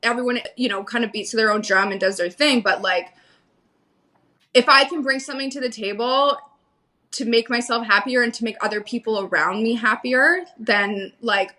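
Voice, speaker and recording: A woman's voice: medium pitch, bright, forceful tone. A woman talking candidly as a podcast guest, chatty and laughing often, full of fillers and the odd swear. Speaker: podcast guest, coaching client. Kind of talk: casual candid conversation.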